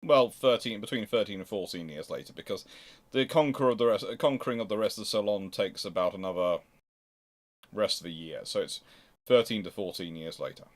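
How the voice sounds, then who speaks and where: A man's voice: fairly low pitch, fairly quick. A man hosting a casual history livestream, making wry asides and answering viewers' chat as he goes. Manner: chatty, wry asides, reads chat aloud.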